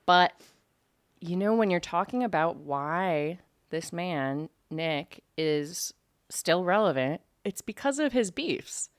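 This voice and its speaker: A woman's voice: lowish voice, animated, takes it slowly, no echo, studio quality. A woman co-hosting a podcast, chatting candidly and reacting to gossip news. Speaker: podcast co-host. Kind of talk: casual chat.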